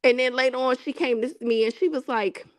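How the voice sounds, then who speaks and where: A woman hosting a casual chat, telling a story with lively acted-out quotes and frequent laughter. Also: high voice, brisk, no room sound. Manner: animated storyteller, acts out quotes, laughs often. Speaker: host.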